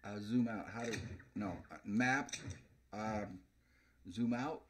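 A man's voice: fairly low pitch, takes it slowly, a bit bright. A man playing a video game and commenting as he goes, laughing often and stammering through fillers. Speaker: let's play host. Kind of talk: gameplay commentary.

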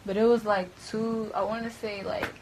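A woman's voice: on the high side, level tone, normal speed, noisy background. A young woman being interviewed, telling a story casually in heavy slang and profanity, acting out quoted dialogue and filling it with "bruh" and "like". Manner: frequent fillers and repeated "bruh". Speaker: interviewee, former roommate.

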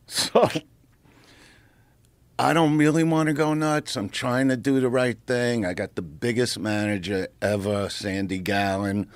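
A man's voice: lowish voice, dry recording. A middle-aged man, telling a rowdy showbiz story in a casual podcast chat. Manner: animated, profane, acts out voices in anecdotes. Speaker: guest comedian. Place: podcast studio.

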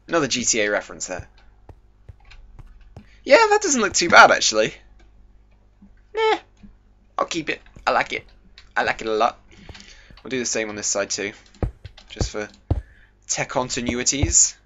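A man's voice: normal speed, long pauses. A young man casually commentating his gameplay, goofy and chatty, joking with himself. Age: young adult. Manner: chatty and goofy, jokes to himself, lively pitch jumps. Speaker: gaming YouTuber. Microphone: desk microphone. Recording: dull home mic with faint hiss.

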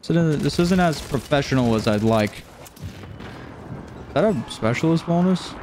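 A man streaming live gameplay, joking around, swearing casually and breaking into whooping shouts. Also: a little high, expressive, moderate pace, slight background noise. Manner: swears casually, talks to chat. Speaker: gaming streamer.

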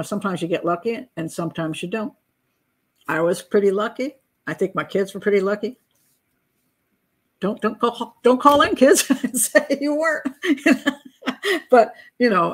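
An older woman hosting a live crime show, talking casually and rambling, with many fillers and laughs. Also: mid-range voice. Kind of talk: casual live-stream talk.

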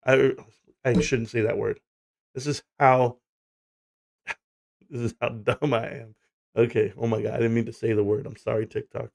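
A man's voice: mid-range voice, level tone, moderate pace, gravelly, pauses often. Rambling, swearing man on a livestream. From United States. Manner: rambling, swearing, laughing storyteller. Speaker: livestream host. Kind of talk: casual livestream chat.

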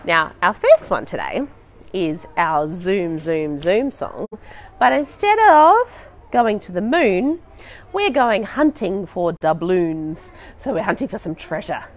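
A woman's voice: on the low side, animated, slow. A young woman running a live baby and toddler session at a library, singing nursery songs and chatting to parents between them, laughing often. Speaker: children's librarian.

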